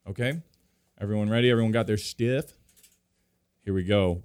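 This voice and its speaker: Man, low voice, improv coach, upbeat, laughs easily. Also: a little mellow. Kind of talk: directing improv scenes.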